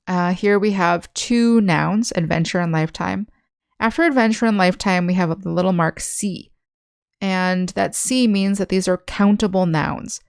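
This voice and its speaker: Patient, gravelly-voiced woman teaching English. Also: on the low side, no echo, studio quality. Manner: patient, explains slowly with examples. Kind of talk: online language lesson.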